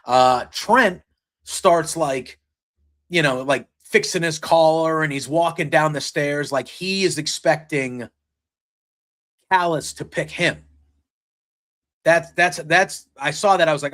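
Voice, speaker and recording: A man's voice: on the high side, a little slow, a bit bright. A man hosting a wrestling podcast, telling back a show in a loose, rambling way with many fillers and quoted lines. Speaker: podcast host recapping wrestling. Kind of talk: casual spoken recap.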